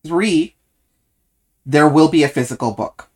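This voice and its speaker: Casting: podcast co-host who keeps restarting sentences, mid-pitched, casual book chat. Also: lively intonation. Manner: halting, many restarts and self-corrections.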